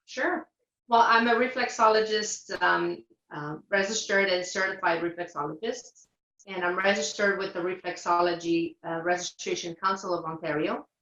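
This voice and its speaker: A woman's voice: on the low side, moderate pace. A woman who works as a reflexologist, chatting casually as an interview guest and describing her work with plenty of fillers. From Portugal. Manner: relaxed, many fillers. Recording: roomy, dull sound.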